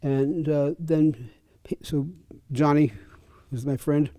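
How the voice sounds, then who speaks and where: A man's voice: a little high, fairly even intonation, slow pace, warm tone, dry recording. Older man telling fencing stories. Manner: chatty, chuckling, conversational. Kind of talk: casual anecdotal storytelling. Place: fencing center clinic.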